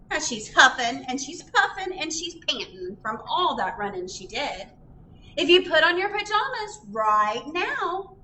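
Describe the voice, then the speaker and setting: Animated woman reading aloud to children. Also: high voice, slight background noise. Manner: animated, sing-song, asks children questions. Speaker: children's librarian. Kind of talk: storytime read-aloud for children. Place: library room. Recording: roomy echo.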